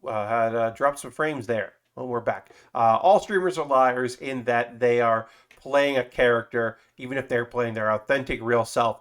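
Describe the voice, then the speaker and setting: A man's voice: medium pitch, a bit bright. A man streaming as he builds a model kit, chatting loosely with fillers and casual swearing. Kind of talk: casual live-stream chat.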